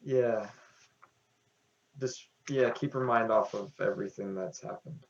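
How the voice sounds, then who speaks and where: A man's voice: on the low side, a little slow, vocal fry, echoey room, distant mic. A man playing a tabletop game, easygoing and a bit hesitant, often restarting his sentences. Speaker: player. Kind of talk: casual tabletop play. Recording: dull lo-fi mic.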